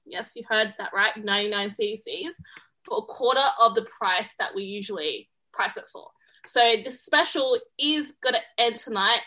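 An upbeat woman with a bright, fairly high voice pitching a sale on a podcast. Her talk is quick and eager. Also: rough recording. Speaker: sales and marketing manager. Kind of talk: promo segment in a podcast.

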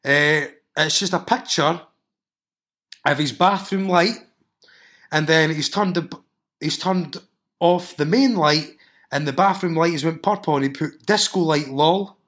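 Man, Scottish accent, podcast host, reading listener stories, sweary, animated reactions, fairly high voice. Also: unhurried.

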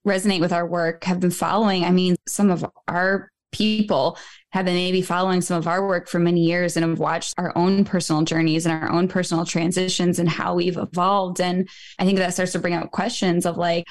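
A woman in her thirties speaks as a podcast guest. Her voice sits a little low, and she tells her story in a chatty, animated flow. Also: brisk. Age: 30s. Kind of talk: casual interview conversation.

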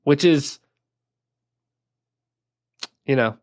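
A man's voice: on the high side, very slow, darkish tone. A man co-hosting a podcast, casually recapping a TV episode with lots of "like" and frequent laughs. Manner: chatty, laughs often, leans on "like" a lot. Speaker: podcast co-host.

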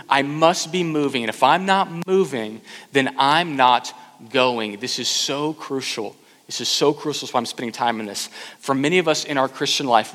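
A man preaching a sermon as pastor, emphatic and repetitive, swinging between loud urging and hushed intensity. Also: medium pitch. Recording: long reverb of a large hall.

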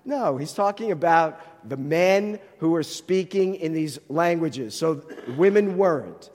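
High-voiced preacher with a Jersey accent. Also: male voice, expressive, measured pace, darkish tone, in a large hall. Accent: New Jersey. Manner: explanatory, with rhetorical questions. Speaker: Bible teacher. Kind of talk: sermon.

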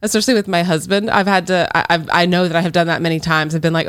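Woman, lower pitch, affirming conversational co-host, dry close recording. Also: steady tone, fast, gravelly, few pauses, dry recording. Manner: supportive, frequent affirming "yeah" and "right". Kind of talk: casual conversational chat.

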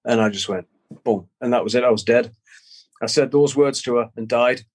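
Halting middle-aged man telling a story. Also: medium pitch. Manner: halting, repeats words, swears casually. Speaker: guest musician. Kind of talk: casual interview storytelling.

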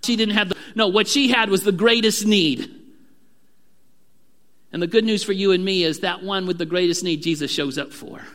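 Man, pastor, sermon, high-pitched, bright voice, earnest, long hall echo. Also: moderate pace. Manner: earnest preaching, drops to a hushed voice at key moments.

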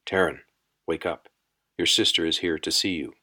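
Man doing a stern prison guard, gruff, curt, deep, crisp tone, audiobook. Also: moderate pace, pushed and bright.

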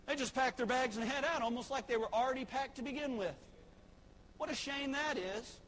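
A man's voice: very high voice, a little fast, fairly bright tone, slight background noise. A man, a pastor preaching a sermon in a church sanctuary, emphatic and repeating key phrases.

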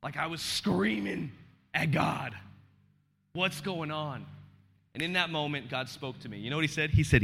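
A male pastor in his thirties preaching a sermon in a large church, moving from hushed confession to loud, emotional peaks. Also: fairly high pitch, expressive, normal speed, vocal fry. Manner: impassioned, swings from hushed to shouting. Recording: long church hall reverb.

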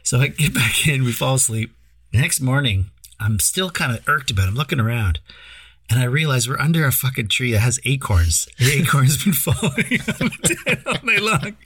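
A man's voice: mid-range voice, big pitch swings, moderate pace, a bit bright, breathy edge. A man from Ontario, Canada, co-hosting a podcast, telling stories in casual chat, laughing often and swearing freely. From Lanark County, Ontario, Canada. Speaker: podcast co-host.

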